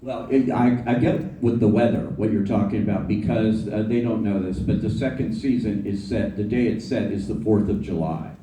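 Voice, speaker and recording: A man's voice: on the low side, normal speed, few pauses, dark tone, a little hiss or hum. Chatty guy hosting a panel, lots of uhs, heard far off in a roomy hall. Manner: chatty, hesitant with fillers. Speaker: panel moderator. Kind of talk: casual panel interview. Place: theater stage. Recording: echoey theater, distant mic.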